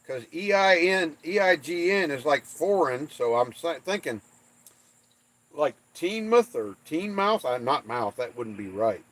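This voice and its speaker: A man's voice: fairly high pitch, normal speed, few pauses, a bit bright. A man from the United States hosting a livestream, reading viewer comments and joking about English place names in playful trash talk. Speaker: livestream host.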